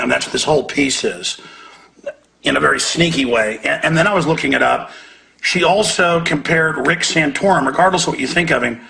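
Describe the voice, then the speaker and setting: Gravelly, indignant radio host man. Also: mid-range voice, pushed and bright. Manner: indignant, emphatic. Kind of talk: talk radio commentary.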